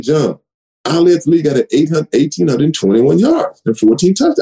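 A man's voice: fairly high pitch, normal speed, rough recording. A man, a retired running back telling stories in an interview, repeating words and acting out old conversations. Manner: animated storyteller, repeats words, acts out quoted dialogue. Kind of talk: conversational storytelling. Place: home office.

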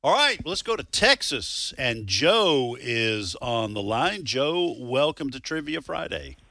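A man co-hosting a radio trivia show, joking around and reading questions out slowly. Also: mid-range voice, big pitch swings, bright, forceful tone, no echo. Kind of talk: casual radio chat.

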